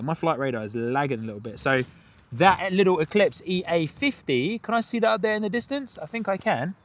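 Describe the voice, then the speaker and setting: A man's voice: on the high side, a bit bright, a little hiss or hum. Chatty male plane-spotting streamer. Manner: chatty, reads out viewer comments and greets chat. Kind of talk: live plane-spotting commentary. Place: outdoors near an airport runway.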